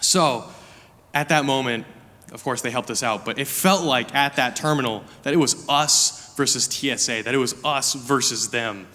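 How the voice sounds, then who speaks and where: A young man giving a sermon as a guest preacher, telling a personal story in an animated, chatty way with lots of "like" fillers. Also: medium pitch, moderate pace. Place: church sanctuary. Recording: reverberant hall.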